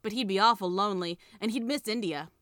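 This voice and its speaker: A woman's voice: mid-range voice, fast, a bit bright, dry recording, clean studio sound, close to an everyday voice. A woman reading aloud, voicing Diggory, a thoughtful and caring young boy in a storybook, earnest in tone. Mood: concerned.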